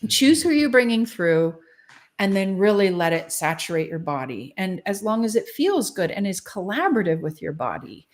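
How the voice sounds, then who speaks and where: A woman's voice: mid-range voice, sing-song, normal speed. A woman guest in a casual interview, speaking frankly and animatedly and laughing often. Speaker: guest, spiritual channeler.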